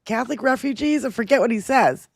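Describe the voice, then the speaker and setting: A woman's voice: on the high side, fast, creaky, no room sound, clean studio sound. A woman co-hosting a casual political chat podcast, ranting angrily with lots of swearing. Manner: angry, profane, animated ranting. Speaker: podcast co-host.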